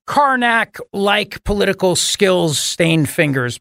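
A man's voice: high voice, takes it slowly, gravelly, hardly any pauses, a bit bright, no room sound, clean studio sound. A man hosting a radio talk show, bantering in a jokey, mock-dramatic way. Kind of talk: casual radio chat.

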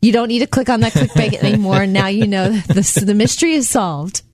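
A woman co-hosting a casual talk show, chatty and quick to laugh as she tells stories. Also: medium pitch, a little mellow, dry recording, studio quality. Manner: chatty, laughs often, storytelling. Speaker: radio show co-host. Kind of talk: casual morning show banter.

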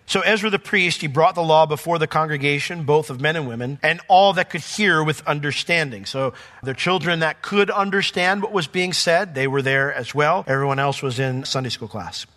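A man preaching a sermon as pastor, reading scripture aloud and explaining it verse by verse, swinging from quiet asides to raised emphatic points. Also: on the high side.

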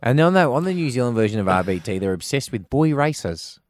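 A man co-hosting a casual comedy podcast, chiming in with quick playful remarks. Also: medium pitch, very animated. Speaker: podcast co-host.

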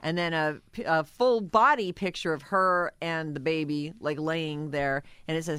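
A woman hosting a radio show, chatting casually and gossiping with an animated, laughing delivery. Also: deep voice, normal speed, hardly any pauses, smooth, dry recording. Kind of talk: casual morning-show chat.

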